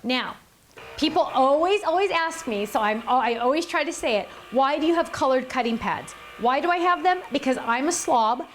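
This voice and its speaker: A woman's voice: fairly high pitch, a little hiss or hum. A middle-aged woman hosting a card-making tutorial, chatty and enthusiastic, gushing over her supplies. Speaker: craft video host.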